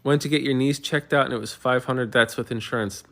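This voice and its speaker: A man's voice: medium pitch, fairly even intonation, fairly quick, gravelly, pushed and bright. A man hosting a livestream, answering viewer comments in a heated, argumentative way with many stumbling restarts. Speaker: livestream host.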